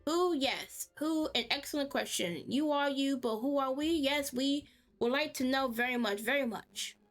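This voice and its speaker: Woman doing a confused drifting man who repeats himself, high-ish, game dub read. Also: normal speed, faint music behind, close to an everyday voice. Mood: dreamy. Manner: singsong, repeats words, drifting off.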